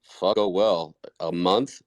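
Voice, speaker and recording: A man's voice: low-pitched, steady tone, slow, no echo. A man co-hosting a casual podcast chat, blunt and swearing freely. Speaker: podcast co-host.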